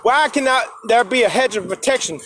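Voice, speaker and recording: A middle-aged man ranting angrily into his phone outdoors, swearing and yelling over and over. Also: extremely high pitch, a little fast, a little hiss or hum. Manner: profane, yelling, repeating curses. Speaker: vlogger. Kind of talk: angry outdoor live-stream rant. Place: outdoors on a flooded street. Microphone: phone or tablet.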